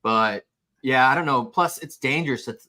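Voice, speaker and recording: A man's voice: mid-range voice, moderate pace, pushed and bright. A man co-hosting a sports betting podcast, talking in a laid-back, wry way. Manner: laid-back, wry, says dude a lot. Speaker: podcast co-host. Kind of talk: casual sports betting chat.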